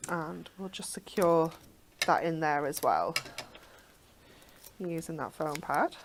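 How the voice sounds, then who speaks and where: A woman's voice: deep voice, slow pace, background noise. A woman presenting a live craft demonstration, talking chattily step by step with giggly asides.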